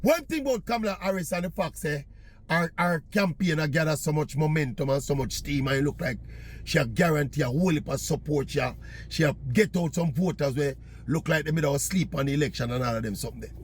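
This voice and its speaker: A man's voice: fairly high pitch, quick pace, a little hiss or hum. A man from Jamaica with a Jamaican accent, chatting in patois as he tells a casual story. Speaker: vlogger.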